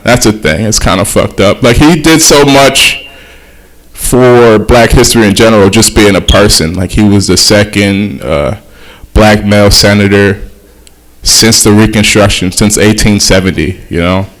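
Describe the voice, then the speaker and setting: A man's voice: on the low side, a little slow. A young adult man performing a stand-up comedy routine in a laid-back, self-deprecating, conversational way on a comedy club stage, speaking into a handheld mic.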